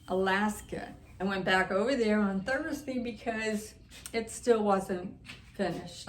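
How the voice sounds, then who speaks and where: A woman vlogger telling a story to the camera in a casual, animated way, often repeating herself. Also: mid-range voice, roomy sound, slight background noise. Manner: animated, repetitive retelling. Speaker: van-living vlogger.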